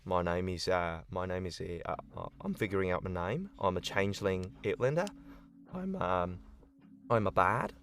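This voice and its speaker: A man's voice: sits low, normal speed, slight background noise, voice pushed down. A man voicing a wandering changeling bard with a put-on New Zealand accent, chatty and easygoing, calling people "mate". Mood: casual. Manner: relaxed, chatty, says "mate".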